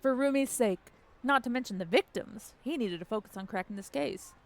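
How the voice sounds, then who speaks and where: A woman's voice: fairly high pitch, brisk. A woman streaming a story game, reading the text aloud and chatting casually with the odd swear. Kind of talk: casual let's-play narration.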